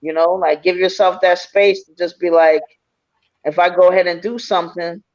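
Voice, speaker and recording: A woman's voice: fairly low pitch, steady tone, moderate pace, darkish tone. A woman psychic medium giving an encouraging, rambling spiritual reading full of fillers. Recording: slightly dull stream audio.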